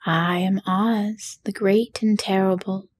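Whispered role-play: woman doing a trembling old fake wizard, slow and breathy, low-key storybook voice. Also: fairly even intonation. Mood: meek. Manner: trembling, meek and pleading. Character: timid little old man posing as wizard.

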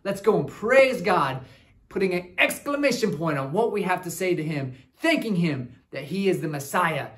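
A man's voice: sits high, normal speed. A man playing a goofy, upbeat traveling cousin who teaches a children's Bible lesson in character. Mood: cheerful. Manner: animated, talks straight to kids with frequent "right?".

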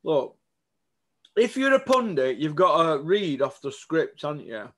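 A man's voice: a little high, measured pace. A man, ranting bluntly about boxing to camera and keeps asking for agreement. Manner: blunt, animated, asks for agreement. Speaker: boxing vlogger. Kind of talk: casual opinion rant to camera.

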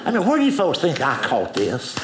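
A man performing stand-up, his drawling pitch swinging widely from line to line. The stage sound is roomy and echoing. A loud audience fills the space behind him. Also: wildly swooping pitch, brisk, very noisy. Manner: drawling storyteller, jumps high into put-on voices. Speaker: stand-up comedian. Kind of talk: stand-up comedy set. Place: theater stage with audience laughing.

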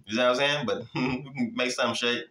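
A man's voice: mid-range voice, fairly even intonation, quick pace, bright, forceful tone, echoey room, rough recording. A man teaching the Bible in a casual, street-style way, repeating his points, prompting listeners with "hmm?" and laughing between lines. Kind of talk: informal preaching.

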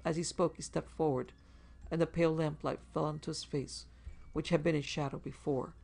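A man narrating a macabre short story in a measured, even storytelling delivery. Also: a little high, creaky, faint music behind. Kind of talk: scripted horror story narration.

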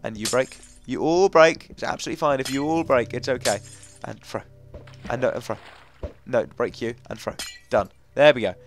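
A young man commentating a video game as he plays, chatting to himself, coaxing and easily frustrated, with sudden bursts of excitement. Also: mid-range voice, normal speed, faint music behind. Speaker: gaming commentator. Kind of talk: let's play commentary.

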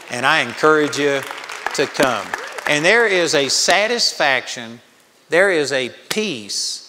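A man's voice: medium pitch, bright, forceful tone, in a large hall. An older man preaching a sermon at a Bible college, telling stories in an earnest manner. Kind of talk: sermon teaching. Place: large hall with audience.

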